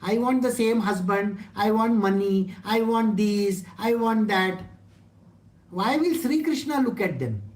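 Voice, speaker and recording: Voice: medium pitch, expressive, measured pace, darkish tone. Teacher in a roomy space. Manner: conversational, asks rhetorical questions, jokes. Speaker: spiritual teacher. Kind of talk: satsang discourse. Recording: roomy echo.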